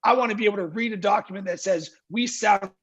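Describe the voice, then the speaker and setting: A man's voice: high voice, racing, a bit bright, slightly rough, dull audio. A man speaking as a guest in an interview, talking emphatically, firing rhetorical questions and acting out what clients say. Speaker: guest, marketing agency founder. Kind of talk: energetic interview talk. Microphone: video call.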